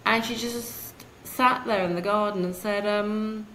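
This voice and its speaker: A woman's voice: mid-range voice, steady tone, measured pace, fairly bright tone. A British woman, a guest author, speaking reflectively and thoughtfully in a conversational interview. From United Kingdom. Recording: echoey room with faint noise.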